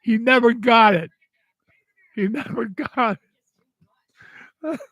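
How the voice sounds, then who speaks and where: An older man talking through tears in a halting, repetitive way, angry and grieving. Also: very high voice, a bit bright, dry recording. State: tearful. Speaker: vlogger. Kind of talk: emotional personal monologue.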